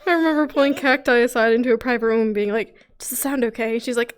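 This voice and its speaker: A woman with a bright, high voice talks loosely with a fellow player after a roleplay session. She laughs often and drops the odd swear word. The talk is relaxed and unscripted. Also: fast talker, clean tone. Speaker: roleplay host. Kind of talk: casual out-of-character chat. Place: home room being moved out of.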